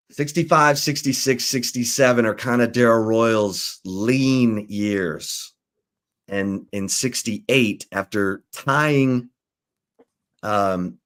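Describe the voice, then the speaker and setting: Laid-back low-voiced sports show host. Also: male voice. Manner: relaxed, rambling, with fillers and restarts. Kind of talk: casual sports talk and storytelling.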